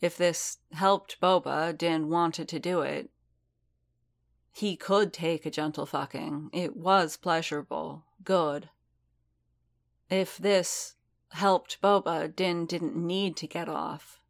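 A woman narrating fiction in a measured, steady reading. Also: low-pitched, gravelly.

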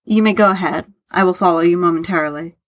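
A woman's voice: lowish voice, fast, dry recording, natural voice. A woman voicing a reserved, guarded man who speaks formally and with restraint. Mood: polite.

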